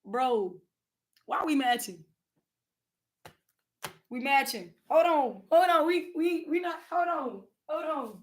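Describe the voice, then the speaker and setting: A woman with a Southern US accent, talking in a casual spiritual vlog, animated and profane, often laughing and repeating words. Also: high voice, a little slow, long pauses. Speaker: spiritual content creator.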